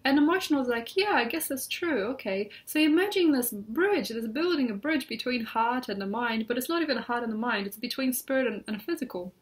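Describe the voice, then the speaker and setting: Speaking casually about astrology while lying in bed at home, this slightly high-voiced woman is animated and quick, barely pausing. She rambles reflectively with plenty of "like" and "you know," on what sounds like an informal computer recording.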